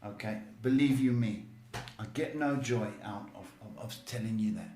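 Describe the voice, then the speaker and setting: A man's voice: on the low side, normal speed, a little mellow, reverberant. A man hosting a live psychic tarot advice show. He gives blunt, emphatic guidance and often repeats or restarts his words.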